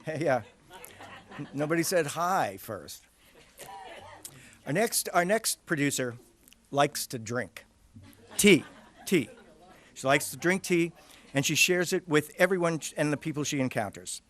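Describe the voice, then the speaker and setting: A man's voice: on the high side, animated, measured pace, pauses often, fairly bright tone. A man presenting awards at a studio event, reading introductions in a jokey, teasing way.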